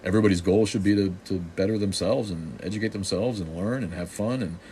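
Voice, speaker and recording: Low-voiced, snarky man from Boston, middle-aged, hosting a loose live-stream chat. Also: a little fast, dark tone, a little hiss or hum. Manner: snarky, joking, loose with many restarts. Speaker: live stream host answering viewer comments.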